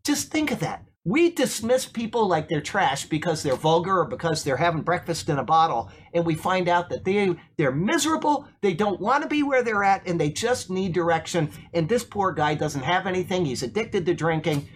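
A man's voice: high voice, normal speed, hardly any pauses, a little hiss or hum. A man preaching an informal sermon, telling a story and asking the congregation questions. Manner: storytelling, asks the room questions, repeats words when excited. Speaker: pastor.

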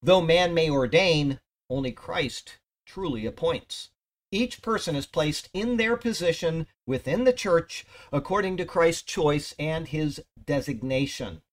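A man's voice: fairly high pitch, animated, unhurried. A man teaching a Bible study verse by verse in an emphatic, conversational way, often checking in with "okay?".

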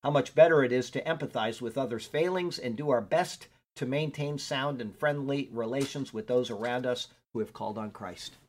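A man's voice: medium pitch, moderate pace, few pauses. A man teaching a Bible study as a pastor, chatting casually, stopping to look up verses, and reading scripture aloud with emphasis. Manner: conversational, digresses while looking up verses.

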